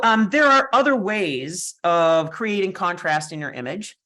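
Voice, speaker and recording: A woman's voice: fairly low pitch, expressive, moderate pace, hardly any pauses, pushed and bright. Chatty woman teaching photo editing. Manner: chatty, explanatory, with fillers and asides. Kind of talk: screen-share software tutorial.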